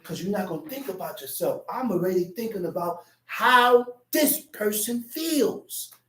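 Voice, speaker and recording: A man with a high, animated voice preaches a sermon at an unhurried pace, his tone fairly bright. He tells a personal story and acts out the voices of the people he quotes. The mic sits at a distance in an echoey room.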